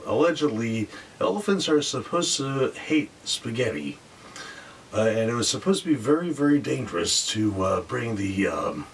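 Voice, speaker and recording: A man's voice: medium pitch, far from the mic, a little hiss or hum. A man telling a rambling dream story casually, with lots of fillers and voices acted out.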